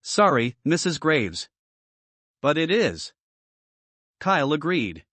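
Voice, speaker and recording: A man's voice: a little high, big pitch swings, slow, a bit bright, no echo. A man reading a story manuscript aloud in a plain, straight storytelling manner. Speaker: reader of the manuscript.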